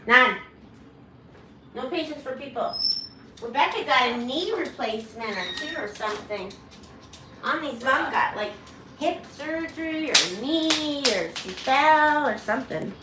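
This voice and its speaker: A woman's voice: high voice, lively intonation, measured pace, pauses often. A woman hosting a casual livestream about her parrots, chatting with viewers and laughing as she imitates bird screams. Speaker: parrot channel host. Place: home full of parrots. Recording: echoey room with loud background noise. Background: parrots squawking.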